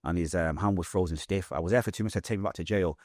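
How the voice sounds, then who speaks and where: Low and a little mellow, this Mancunian voice moves at a rapid-fire clip. As an interview guest from England, he recounts his life with raw emotion, blunt talk, and street slang, captured in clean studio sound with no room sound.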